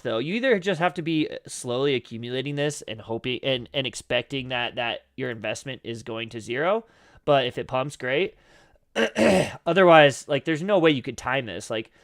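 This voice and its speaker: A man with a mid-range voice and vocal fry rambles casually through trading charts on a live stream, loose, profane at times, and heavy on fillers. His throat sounds scratchy, his voice cracks, and he keeps clearing it.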